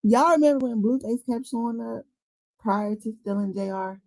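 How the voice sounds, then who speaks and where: Commentator woman, slangy and direct, with a fry-heavy voice in a dry, close recording. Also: on the high side, normal speed, darkish tone, no echo, rough recording. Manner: conversational, slangy, talks straight to viewers. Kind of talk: casual commentary.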